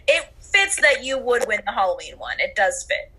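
Young woman co-host with a bright, slightly high voice, teasing and relaxed. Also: normal speed, slightly rough, rough recording. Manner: teasing, laughing, self-deprecating. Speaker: podcast co-host. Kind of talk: casual chat.

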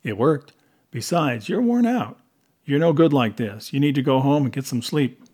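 A teasing young woman detective, wry and playful, with a husky grain in the voice, as a man reads her in an audiobook. She speaks a little higher than the narration. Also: lively intonation, moderate pace, mellow.

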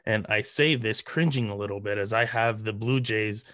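A man hosting a sports podcast, chatting casually with halting speech and many fillers. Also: fairly low pitch, fairly bright tone, no echo, clean studio sound. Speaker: podcast host.

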